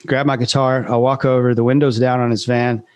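Man, relaxed storyteller, dry close-miked sound, casual and rambling. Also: medium pitch, a little fast, no room sound, lo-fi sound. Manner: laid-back, rambling with restarts and laughs. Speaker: musician guest.

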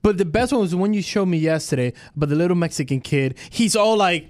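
Excitable high-voiced male co-host. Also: quick pace. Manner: excitable, laughs often, acts out quotes loudly. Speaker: radio co-host. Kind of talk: casual morning radio banter.

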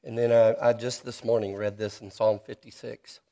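A man's voice: lowish voice, little pitch movement, warm tone. Earnest man preaching a sermon. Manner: earnest, personal preaching with emphatic slowed phrases. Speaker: pastor.

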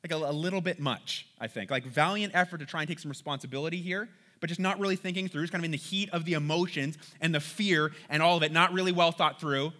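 A man's voice: a little high, fast, few pauses, pushed and bright. A man teaching from the Bible in a conversational way. He reads passages aloud, then comments on them casually and often checks in with his listeners.

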